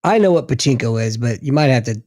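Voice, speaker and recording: Relaxed male podcast host, dry sound. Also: mid-range voice, quick pace, dry recording. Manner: brief reactions, relaxed questions. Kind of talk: casual chat.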